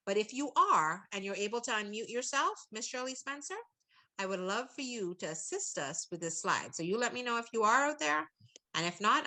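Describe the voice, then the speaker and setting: A woman leading an online training call, animated and playful, teasing participants by acting out what they might be thinking. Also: fairly high pitch, low-quality recording. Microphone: video call.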